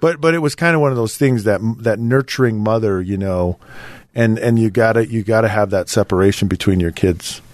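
A man co-hosting a show in casual chat, halting and repeating words as he tells stories. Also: fairly low pitch, darkish tone, no echo, studio quality. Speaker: podcast co-host.

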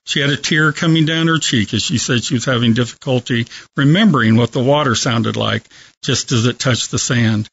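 A man calmly telling a reflective story as a guest on a radio talk show. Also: medium pitch, moderate pace, creaky, slightly rough, dry recording, dull audio. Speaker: hospice worker telling a story.

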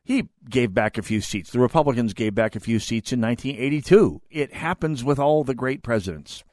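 A man's voice: medium pitch, expressive, fairly quick, darkish tone, dry recording, studio quality. A man in his fifties hosting a talk radio show, delivering an opinionated monologue that rambles off on tangents and restarts his words. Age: 50s.

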